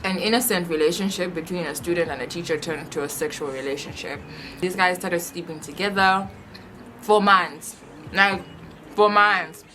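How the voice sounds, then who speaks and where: A young woman telling a personal story in a chatty, animated vlog style, full of rhetorical questions. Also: fairly low pitch, background noise. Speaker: vlogger. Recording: music playing under voice.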